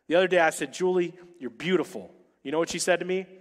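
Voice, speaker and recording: A married man preaching a sermon as pastor to his church, with humorous asides and dramatic pauses. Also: on the high side. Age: adult, married. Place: large church hall. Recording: long reverb of a church hall.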